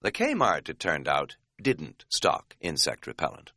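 A man's voice: rumbling low, huge pitch swings, measured pace, sharp tone, no room sound, clean studio sound. Wry man narrating a memoir. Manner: wry, self-mocking humor. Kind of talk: scripted narration of a travel memoir.

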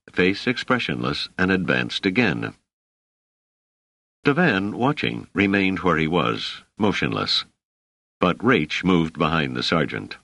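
A man narrating an audiobook in an expressive storytelling manner. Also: low voice, dry recording. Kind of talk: scripted narration.

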